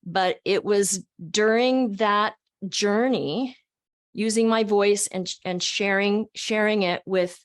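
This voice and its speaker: Taking it slowly in a mid-range voice, an older woman, a speaker and college teacher, offers an animated motivational talk by video call. She speaks expressively and often restarts what she's saying.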